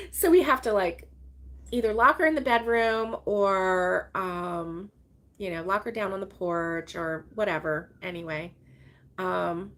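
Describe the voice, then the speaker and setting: A woman's voice: on the low side, slow pace, fairly bright tone. Chatty woman hosting a crochet stream. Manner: rambling, chatty, laughs often. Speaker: crochet channel host. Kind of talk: casual livestream chat reading viewer comments. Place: her home, with dogs around.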